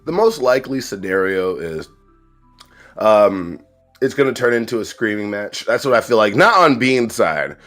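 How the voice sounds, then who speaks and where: Animated, profane man co-hosting a livestream. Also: on the low side, moderate pace, soft background music. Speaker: co-host. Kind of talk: casual livestream chat.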